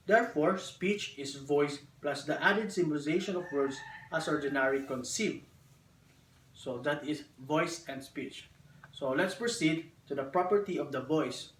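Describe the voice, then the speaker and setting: A man giving a classroom presentation to his teacher and classmates, speaking in measured, deliberate phrases. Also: fairly high pitch. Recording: echoey room, distant mic.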